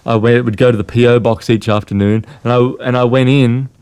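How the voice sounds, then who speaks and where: A man co-hosting a relaxed podcast chat, quick to laugh and to agree. He has an average male pitch and is recorded close and dry. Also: smooth, dry recording. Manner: laughs often, chimes in with short agreeing replies. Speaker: podcast co-host. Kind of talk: casual conversation.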